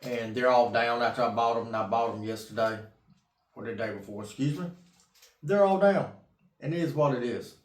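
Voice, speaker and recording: A man's voice: mid-range voice, brisk, echoey room. A middle-aged man rambling casually about investing, folksy and repetitive, tired from an early start. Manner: rambling, folksy, repeats himself, casual swearing. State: tired from getting up at 3 a.m. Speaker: investing vlogger. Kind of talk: rambling casual monologue to camera.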